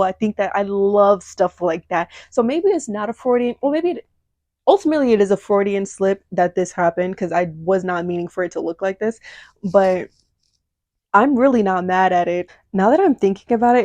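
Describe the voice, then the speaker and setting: A young woman chatting casually while crafting, talking excitably with lots of filler words into a phone camera at home. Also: mid-range voice, no room sound. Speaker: craft vlogger.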